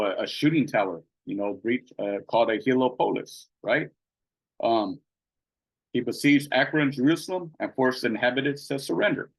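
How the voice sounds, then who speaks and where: A man teaches a Bible study conversationally, reading passages aloud and dropping in many fillers and "right?" tag questions. His mid-range voice has a fairly bright tone, and the recording is rough.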